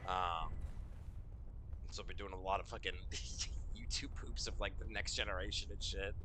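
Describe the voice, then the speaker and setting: Male streamer with a lowish voice, loose profane game-stream chatter, background noise. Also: fairly even intonation, measured pace, pauses often. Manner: swears often, laughs at his own jokes. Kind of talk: casual gameplay commentary.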